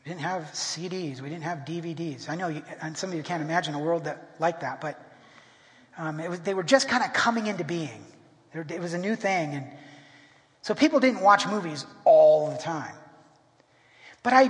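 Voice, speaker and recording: A man's voice: high voice, lively intonation, normal speed. A middle-aged man preaching a sermon as pastor in a church, speaking with emphasis and often restarting and repeating his words. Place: church sanctuary. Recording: long hall reverb.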